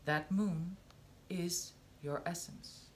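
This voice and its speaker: A woman reading a spiritual discourse aloud, slow and measured, with long pauses between phrases. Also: on the low side, fairly even intonation, slight background noise. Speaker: reader of spiritual texts.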